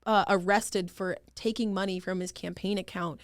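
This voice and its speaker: A young woman from Rhode Island giving candid, animated interview answers as a state senator. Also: medium pitch, normal speed, dry recording, clean studio sound. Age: young adult. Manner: candid, animated, laughs often.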